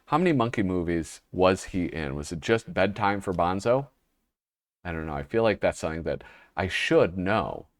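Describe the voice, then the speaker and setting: A man's voice: low voice, animated, normal speed, no echo, studio quality. A man hosting a casual show, flipping through an old humor magazine and reading the panels aloud with a wry, rambling manner. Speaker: host.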